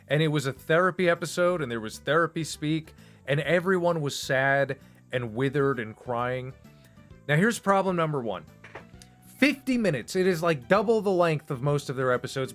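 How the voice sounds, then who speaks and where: Streamer dude ranting, swears a lot, kinda high voice, faint music in the back. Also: male voice. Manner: profane, emphatic, animated. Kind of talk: casual rant. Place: home streaming setup.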